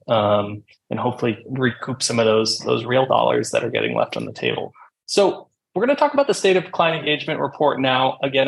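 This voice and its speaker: A man from a software company hosting a webinar presentation, casual and filled with ums and uhs. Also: medium pitch, vocal fry, poor audio.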